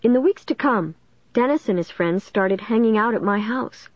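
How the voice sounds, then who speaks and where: A woman reading a first-person story aloud in a plain, steady storytelling manner. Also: medium pitch, moderate pace, no echo, muffled recording. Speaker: audiobook narrator.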